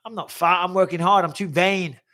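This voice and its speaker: A man's voice: high voice, fairly even intonation, moderate pace, sharp tone. Blunt chatty man hosting a live Q&A. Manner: blunt, chatty, swears freely, repeats himself. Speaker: host answering viewer questions. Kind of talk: casual live-stream Q&A.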